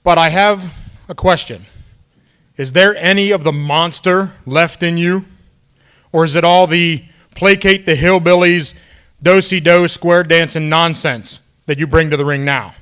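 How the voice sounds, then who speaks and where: A man lays out cold, measured threats in a wrestling promo. His voice sits a little high. He takes his time and presses each threat home. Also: a bit bright, clear, resonant tone.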